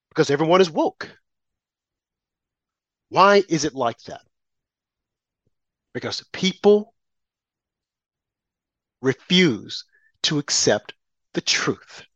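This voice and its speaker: Indignant man, lively rhetorical delivery. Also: fairly high pitch, slightly rough, no room sound. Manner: emphatic, rhetorical questions, indignant. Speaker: commentary host. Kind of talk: political monologue.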